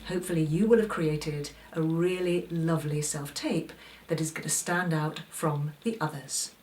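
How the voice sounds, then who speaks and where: A woman's voice: sits low, steady tone, moderate pace, a little mellow, recorded from a distance, slight background noise. A woman acting teacher giving an instructional talk to aspiring actors, coaching with strings of rhetorical questions.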